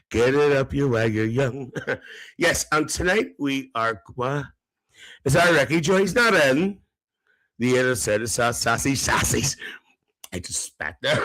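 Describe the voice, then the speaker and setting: A man's voice: fairly high pitch, a bit bright, rough recording. A man playing a gossipy, cheeky older auntie who hosts a live comedy stream, chatting and teasing the viewers and laughing between lines.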